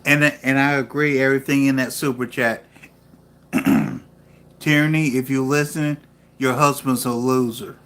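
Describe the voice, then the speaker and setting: A man co-hosts a livestream in a lower, middle-pitched voice. He speaks slowly and tersely, landing each short remark with emphasis. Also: steady tone, fairly bright tone, clean tone. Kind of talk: casual chat.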